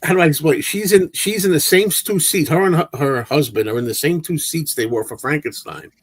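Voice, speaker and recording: A man hosting a casual movie chat livestream, telling an animated anecdote with frequent restarts and repeated words. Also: on the high side, a little fast, slightly rough, no room sound. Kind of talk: casual storytelling to a live chat.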